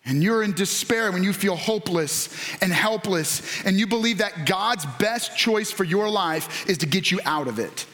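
A male pastor preaching a sermon in a lively way, acting out quoted voices and rising to shouts. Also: high voice, normal speed, few pauses. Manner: animated, acts out voices, rises to shouts.

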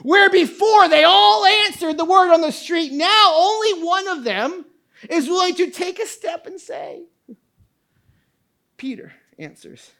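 High-voiced woman preaching a sermon. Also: animated, unhurried, vocal fry, fairly bright tone. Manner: emphatic, questioning, with quoted asides. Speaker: pastor.

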